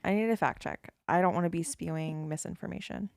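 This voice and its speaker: A woman with a Southern US accent, co-hosting a podcast. She chats in a giggly, rambling way in a fairly low voice. The sound is dry and close. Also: fairly quick, vocal fry, a little mellow, no room sound. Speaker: podcast co-host. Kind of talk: casual chat.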